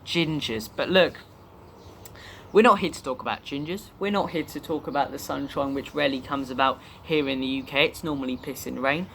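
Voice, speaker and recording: Young male fan-channel host, chatty and opinionated, mid-pitch, audible noise behind. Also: fairly quick, vocal fry, a bit bright. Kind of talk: casual fan commentary to camera.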